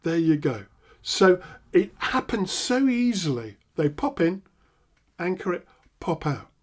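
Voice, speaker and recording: A middle-aged man with an English accent, a hypnotherapist teaching an NLP technique with animated demonstrations. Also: high-pitched, takes it slowly. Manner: animated, acts out laughing prompts with loud bursts. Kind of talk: instructional talk with demonstrations.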